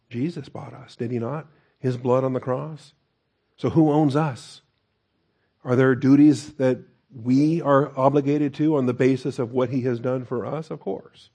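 Mellow-voiced man preaching a casual sermon. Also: medium pitch. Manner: conversational, humorous asides. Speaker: pastor teacher.

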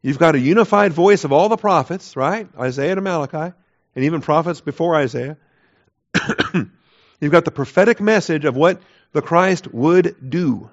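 A man's voice: on the high side, normal speed. A man teaching a Bible class in an emphatic way, repeating key phrases and putting rhetorical questions to his listeners. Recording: dull lo-fi recording.

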